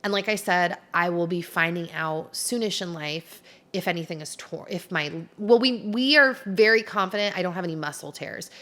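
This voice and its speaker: Chatty, animated woman with a lowish voice. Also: normal speed, few pauses. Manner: chatty and animated, heavy use of "like"; self-described dramatic, expressive. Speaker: YouTuber. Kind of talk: casual storytelling to camera. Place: seated indoors at home.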